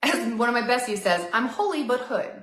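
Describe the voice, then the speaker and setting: Sassy, lively high-voiced woman ranting. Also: fairly quick, reverberant. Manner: sassy and feisty, rambling with laughs. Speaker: MLM seller on a live video. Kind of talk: livestream rant.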